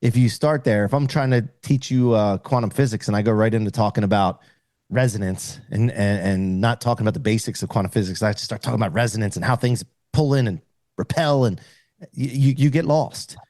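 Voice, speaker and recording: A middle-aged man talks as a podcast guest, earnest and explanatory, often restarting his sentences. His voice is dark and mellow, recorded dry and close with no room sound. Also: fairly low pitch, a little fast, no room sound. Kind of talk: casual conversation.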